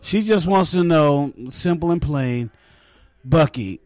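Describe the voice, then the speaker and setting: A man's voice: a little high, lively intonation, measured pace, a little mellow, dry recording, studio quality. A man hosting a comedy show, chatting casually with lots of laughter and loose, profane banter.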